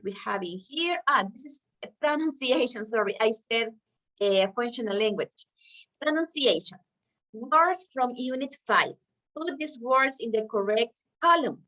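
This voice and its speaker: High, slow-paced woman teacher. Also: bright, forceful tone. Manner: patient, repeats words slowly for pupils. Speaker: English teacher. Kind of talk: online class lesson. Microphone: video call. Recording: distant from the mic.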